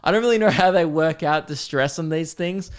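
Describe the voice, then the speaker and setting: A young man hosting a podcast, ranting comically with lots of swearing, laughing and loud exasperated outbursts. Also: on the high side, brisk, clear, resonant tone. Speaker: podcast host. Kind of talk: comedic rant.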